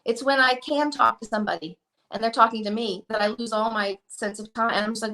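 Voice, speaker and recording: Fast-talking woman, kinda high voice, rambly and self-deprecating, casual chat. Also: pushed and bright. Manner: rambling, self-deprecating, quick with acted-out asides. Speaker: guest.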